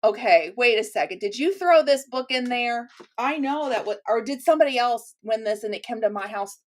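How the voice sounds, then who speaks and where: A woman's voice: on the high side, lively intonation, a little fast. A woman hosting her own channel, chatting casually to viewers while opening gifts at home, gushing with gasps, little laughs and exclamations. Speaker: channel host. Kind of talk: casual unboxing chat to viewers.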